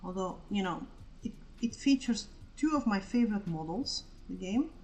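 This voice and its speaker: A woman's voice: mid-range voice, animated, normal speed, a little mellow, rough recording. A woman in her forties chatting casually on an art stream while she paints. She rambles and swears freely.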